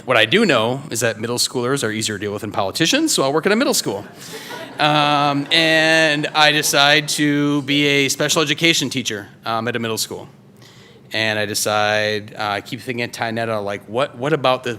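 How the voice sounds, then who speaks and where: Bright-voiced man telling a story onstage. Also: mid-range voice, fairly quick. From Wisconsin, US. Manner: loose, conversational, many fillers and restarts. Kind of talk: live first-person storytelling. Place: live stage before an audience.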